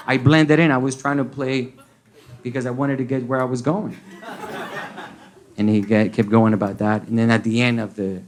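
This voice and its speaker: With a steady, medium-pitched voice and a fairly quick pace, this Colombian comic works a comedy club stage for an audience. He slips between English and Spanish, carrying his Colombian accent, and impersonates the characters in his tales.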